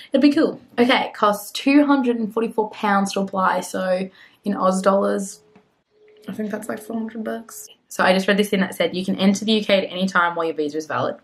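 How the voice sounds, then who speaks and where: Young Australian woman, casual vlogger, mid-range pitch, chatty, self-deprecating, prone to mumbled asides. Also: fairly bright tone, rough recording. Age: young adult. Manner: chatty and self-mocking, easily sidetracked, mutters asides. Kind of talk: casual vlog, reading a visa website aloud.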